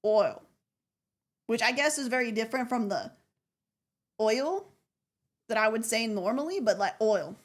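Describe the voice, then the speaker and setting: A woman streamer talks in a relaxed, casual way, and a light Southern US accent slips into her speech. She sounds self-conscious, often stops and repeats words as she explains herself. Her voice sits a little high. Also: fairly quick.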